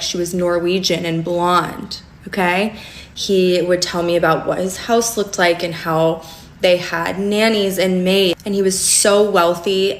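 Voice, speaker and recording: A young woman spills a personal saga straight to camera, chatty and animated, leaning on fillers and quick asides. Her voice sits a little low for a woman. The room around her rings with a noticeable echo. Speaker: storyteller recounting a relationship. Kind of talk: casual storytime vlog.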